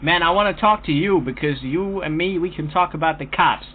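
A man's voice: fairly high pitch, a little fast, husky. A man making a prank phone call, rambling and profane, from a hot room with cars passing outside. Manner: brash, rambling, profane banter. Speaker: prank caller. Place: hot room with the window open. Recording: tinny phone line with faint noise.

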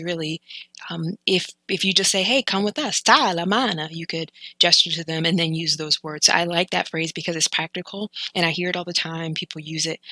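A woman explaining phrases from a TV clip in a chatty way, repeating words slowly to show how they sound. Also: fairly low pitch, bright, forceful tone, dry recording, rough recording. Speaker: language learning vlogger.

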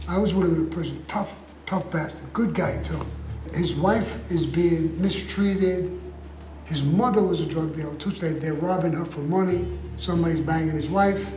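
A man's voice: high-pitched, a little mellow. An older man, telling blunt, profane, sarcastic stories as an interview guest. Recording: echoey room with faint noise.

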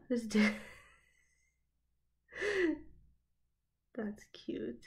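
Young woman giggling through clip reactions, kinda high voice, talks slow and easy. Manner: giggly, chatty, talks back to the clips. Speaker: video host reacting to clips. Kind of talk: casual reaction commentary.

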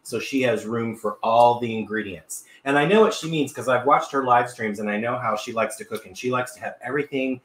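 A man's voice: medium pitch, brisk, few pauses, echoey room. A middle-aged man hosting a live cooking stream from his home kitchen, upbeat and chatty, reading viewer comments aloud. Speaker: cooking show host.

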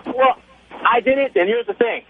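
A male caller with a high voice, heard over a tinny phone line with faint hiss. He tells his story casually, with animated, chatty energy. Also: normal speed. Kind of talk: casual storytelling on a call-in show.

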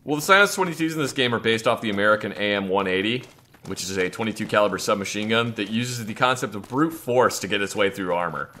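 Bright-voiced man joking over gameplay. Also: fairly low pitch, fast talker, slight background noise. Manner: joking, laughs often. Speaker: co-host playing a game. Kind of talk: casual gameplay banter.

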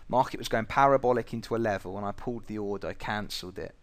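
A man's voice: on the low side, fast talker. A man teaching traders in a blunt, profane way, telling stories from his own trading. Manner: blunt and profane, lively storytelling. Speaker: trading educator. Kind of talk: recorded trading lesson with anecdotes.

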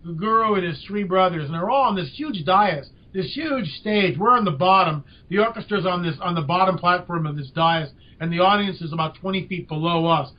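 An older man, a podcast guest, telling a story with lively emphasis. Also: high voice, brisk, hardly any pauses. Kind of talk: storytelling in an interview. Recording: dull lo-fi audio.

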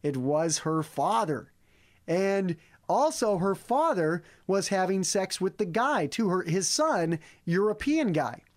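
A man's voice: high-pitched, takes it slowly. A man hosting a casual comedic movie review podcast, retelling the plot with acted-out quotes. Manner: animated storyteller who acts out characters' lines. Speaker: podcast host.

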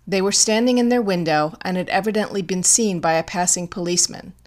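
A woman narrating an audiobook of a classic detective story in a measured, deliberate way. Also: on the low side, a little mellow. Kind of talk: scripted narration.

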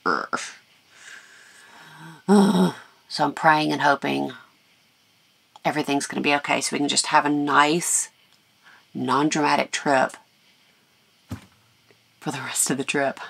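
A middle-aged woman artist chatting casually in a vlog, rambling and thinking out loud, her voice scratchy and tired, partly recorded outdoors at a lakeside campground. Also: sits low, fairly even intonation, slow pace, creaky, pauses often, breathy edge, dry recording. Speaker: artist vlogger.

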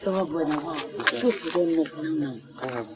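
A woman's voice: low-pitched, unhurried, very noisy. An actress with a Nigerian accent playing a devoted young female student in love, earnest in tone and dropping into Pidgin at times. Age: young adult. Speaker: university student. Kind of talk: Nollywood film acting.

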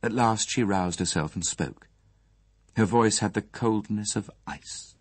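A male audiobook narrator reading in a calm storytelling voice. His tone is husky with a lively pitch line. The recording is close and dry. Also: normal speed, no room sound. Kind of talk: scripted narration.

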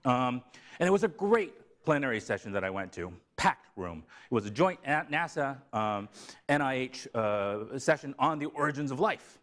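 A man from Tennessee giving a seminar talk in a lively, joking way. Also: medium pitch, moderate pace. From Tennessee, USA. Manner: animated, joking, slips into a put-on Southern drawl for a gag. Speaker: seminar speaker. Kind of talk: lively academic lecture. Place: lecture room.

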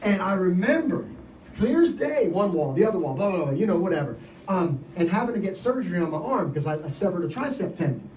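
Animated storytelling man preaching from afar. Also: high-pitched, quick pace, echoey room, recorded from a distance, slight background noise, low-quality recording. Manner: storytelling, animated, laughs often. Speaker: lay preacher. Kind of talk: informal sermon. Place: event gathering.

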